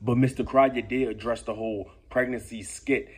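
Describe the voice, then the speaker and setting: Husky laid-back man vlogging. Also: medium pitch, steady tone, moderate pace. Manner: laid-back, lecturing, peppers talk with "man" and "bruh". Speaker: commentary vlogger. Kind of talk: casual commentary vlog.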